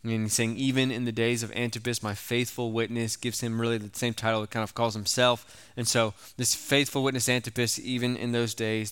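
A man's voice: lowish voice, a bit bright, clean tone, no room sound, studio quality. A young man preaching a sermon in a conversational way, retelling scripture in everyday language and often checking in with "right?" and "okay?". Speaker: pastor.

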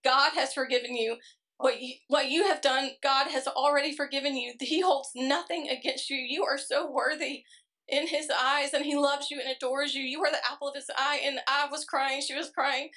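A woman's voice: high voice, fairly even intonation, pushed and bright. A woman giving an earnest, emotional personal testimony at a church service. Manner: earnest, emotional, quick storytelling. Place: church service before a congregation.

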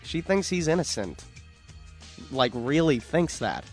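A man's voice: a little high, very animated, a little slow, breathy edge, soft background music. A man co-hosting a podcast, talking in an opinionated, exasperated way. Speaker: podcast co-host. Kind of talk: casual chat.

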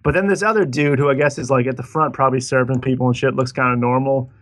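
A man's voice: mid-range voice, fairly even intonation, quick pace. A man co-hosting a casual podcast over a call, telling a long story in a rambling way, full of swearing and restarts. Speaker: podcast co-host. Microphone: Skype call.

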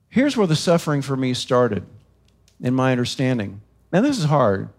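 A man with a high voice preaching an earnest sermon. He speaks with emphasis and acts out quoted cries with drama. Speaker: pastor.

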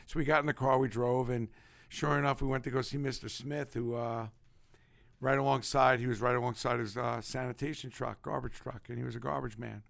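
Man, Brooklyn accent, gravelly voice, dry close sound, animated, emphatic storyteller. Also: medium pitch, brisk, dry recording. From Brooklyn, New York. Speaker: guest. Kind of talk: casual storytelling.

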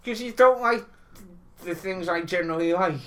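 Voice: medium pitch, moderate pace, a bit bright. A podcast co-host, dry and blunt in a casual film-review chat, swearing freely.

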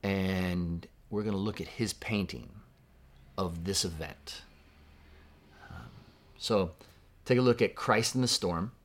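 A deep-voiced man preaching a sermon. He talks in a conversational way and asks his congregation questions as he goes. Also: slow, pauses often. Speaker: pastor.

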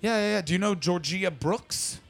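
A man's voice: high-pitched, moderate pace, vocal fry, fairly bright tone, faint music behind. A man in his thirties doing improvised stand-up comedy, rambling, swearing and chatting with the crowd. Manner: profane, rambling, chats with the audience. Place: comedy venue with audience.

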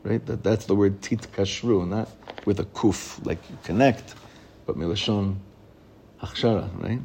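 A man teaching a class as a rabbi. He reads a text aloud, explains it line by line, and grows lively when he quotes excited children. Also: measured pace, a little hiss or hum. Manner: animated, pitch rising when reading children's excited questions. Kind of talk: Torah lesson.

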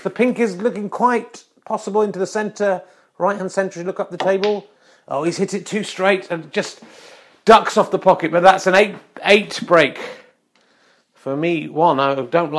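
A man's voice: sits high, fairly bright tone. A man giving spoof, mock-serious snooker commentary with wry topical asides. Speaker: comic mock sports commentator.

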